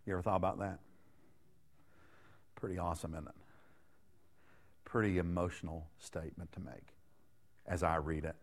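A man's voice: deep voice, steady tone, normal speed, long pauses. A middle-aged man preaching a sermon in a conversational way, joking and putting rhetorical questions to the congregation. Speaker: guest preacher.

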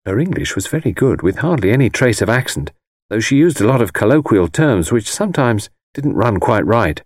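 A man reading a first-person novel aloud in a measured, wry, conversational manner. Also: medium pitch, sing-song, no echo, studio quality. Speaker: audiobook narrator.

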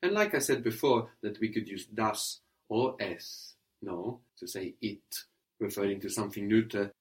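A man's voice: on the low side, a little slow. A man teaching a spoken language lesson, patiently repeating his student's answers and explaining grammar step by step.

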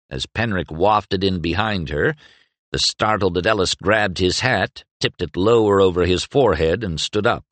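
A man narrating a fantasy audiobook in a measured, expressive manner. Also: low-pitched, no echo. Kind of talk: scripted narration.

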